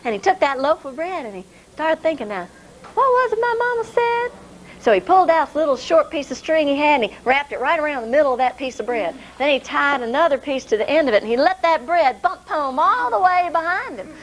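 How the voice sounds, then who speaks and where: A woman telling a folk tale to a live audience in a folksy, expressive way. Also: high-pitched, fast, hardly any pauses, slight background noise, rough recording. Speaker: storyteller.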